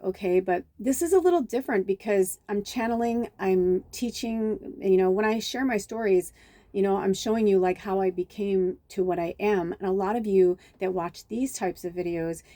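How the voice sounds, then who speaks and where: A woman's voice: medium pitch, warm tone, no echo. A middle-aged woman, a medium, telling chatty, rambling stories in a casual spiritual vlog, full of restarts and fillers. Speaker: medium and tarot reader.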